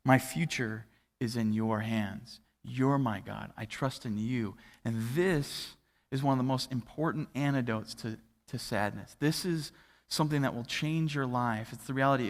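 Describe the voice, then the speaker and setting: Man, pastor, conversational sermon, long church reverb. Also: medium pitch. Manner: conversational, self-deprecating storytelling. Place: church sanctuary. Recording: hall reverb from a church livestream.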